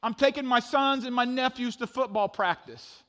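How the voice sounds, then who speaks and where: A middle-aged man preaching a sermon, telling a funny story with animated swings from loud to hushed. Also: extremely high pitch, moderate pace. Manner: animated storytelling, sudden drops to a hush. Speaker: pastor.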